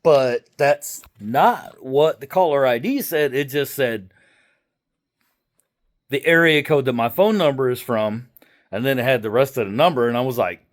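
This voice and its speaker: A man's voice: medium pitch, measured pace. A middle-aged man telling a story casually to the camera, chatty and irreverent, swearing freely. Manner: chatty, irreverent, swears casually, animated when quoting others. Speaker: vlogger.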